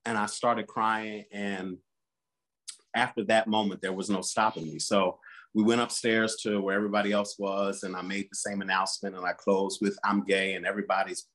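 A man's voice: lowish voice, level tone, normal speed, fairly bright tone. A man, a pastor and interview guest, telling a personal story candidly and earnestly, acting out the quotes.

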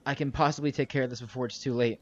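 A man's voice: medium pitch, fairly even intonation, lo-fi sound, lightly acted. A man voicing a very old, urgent sorcerer. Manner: anxious, questioning, halting.

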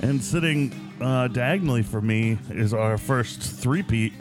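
A man's voice: mid-range voice, a little slow, music in the background. A man hosting a casual podcast chat, joking and laughing often. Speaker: podcast host.

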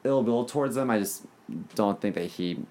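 A man's voice: lowish voice, normal speed. A young man co-hosting a podcast, chatting casually and expressively about old memories. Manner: expressive, mimics a bossy dance coach. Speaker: podcast co-host. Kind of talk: casual chat.

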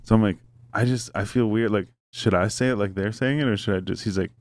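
A man's voice: fairly low pitch, fast, dry recording. A man telling a long story in casual chat, rambling and profane with many fillers. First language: English.

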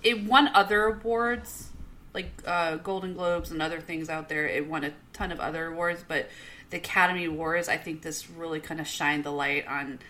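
A woman in her thirties co-hosting a podcast, chatting casually, blunt and profane, quick to laugh. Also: sits low, fairly even intonation, bright, forceful tone, a little hiss or hum. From United States. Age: 30s. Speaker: podcast co-host. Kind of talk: casual chat.

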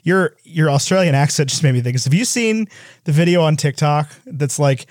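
A man's voice: a little high, dry recording, clean studio sound. A man co-hosting a podcast, chatting casually and sarcastically about a film and laughing often. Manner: sarcastic, animated, quick to laugh. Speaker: podcast co-host. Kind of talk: casual film review chat.

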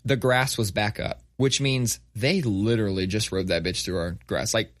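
A man's voice: fairly low pitch, fairly even intonation, normal speed, dry recording, studio quality. A man in his thirties telling a story in casual, profane conversation, acting out quotes as he goes. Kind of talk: casual chat.

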